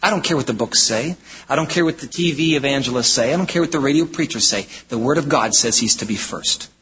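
A man preaching a sermon from the United States, in an emphatic style that swings between loud exclamations and low, intense statements. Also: fast talker, husky. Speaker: pastor. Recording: hall reverb.

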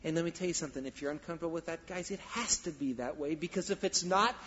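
A man's voice: a little high, fast, few pauses. Emphatic preaching man in a reverberant church. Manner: emphatic preaching, swings from quiet to loud. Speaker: pastor. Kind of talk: sermon. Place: church sanctuary. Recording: dull sound with long hall reverb.

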